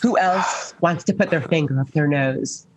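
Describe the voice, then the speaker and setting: A woman's voice: low voice, normal speed. A woman playing a tabletop game, playful and teasing with the others. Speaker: player.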